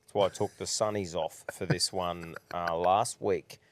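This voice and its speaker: A man's voice: low voice, fairly even intonation, a little slow, slight background noise. An Australian man co-hosting a podcast, chatting casually about pubs and sport in blunt, sweary banter. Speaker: podcast co-host.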